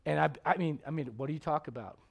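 A middle-aged man preaching a sermon as pastor, animated, swinging from loud exclamations to hushed tones and acting out voices in his stories. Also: on the high side, quick pace, creaky. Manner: acts out voices in his stories, chuckles often.

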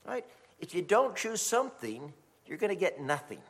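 A middle-aged man preaching a sermon as a pastor, telling stories in an animated way. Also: high-pitched, normal speed. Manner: animated storytelling, acts out quoted voices. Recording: long hall reverb.

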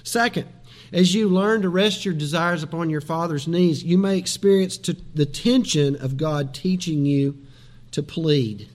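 A middle-aged man preaching a sermon, telling stories with animated swings between quiet asides and loud pleading lines. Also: on the high side, a little slow. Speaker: pastor.

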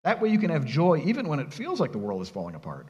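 A male pastor preaching a sermon in a conversational, animated way, asking his listeners rhetorical questions and speaking casually with them. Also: fairly high pitch, quick pace, highs cut off. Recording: long reverb of a large hall.

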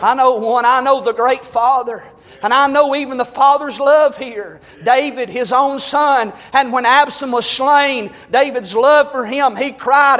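A man preaching a fervent sermon, rising to shouts. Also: extremely high pitch, measured pace, in a large hall.

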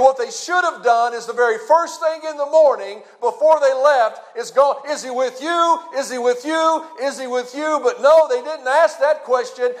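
A middle-aged man delivers a sermon in a notably high voice. He preaches with swings between loud, emphatic stretches and quiet, low-pitched drops. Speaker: pastor.

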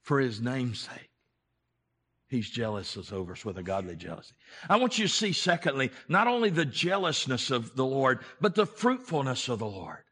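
A man's voice: mid-range voice, very animated, normal speed, sharp tone, husky. A man preaching a sermon as pastor, speaking straight to his congregation and repeating his phrases with growing passion. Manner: impassioned, repetitive preaching; addresses the congregation directly.

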